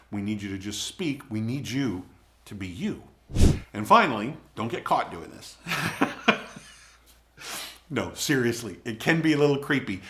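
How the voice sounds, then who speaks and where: An animated man talks straight to the camera with a conversational, encouraging manner. His voice sits at a middle pitch but swings widely up and down as he coaches viewers with friendly tips. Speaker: video coaching host. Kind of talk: casual advice to camera.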